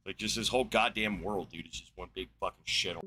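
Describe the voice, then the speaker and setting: Ranting man, bright cutting voice. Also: on the low side, brisk, a little hiss or hum, low-quality recording. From New Mexico, USA. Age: 40s. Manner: angry, rambling, heavy swearing. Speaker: podcast host. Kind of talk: profane solo rant.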